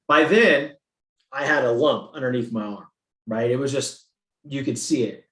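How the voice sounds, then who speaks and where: A man from the San Francisco Bay Area, a guest in an interview, telling his story in an animated, profane way and acting out what people said. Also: mid-range voice, moderate pace. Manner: animated, profane, acts out quotes. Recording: roomy echo.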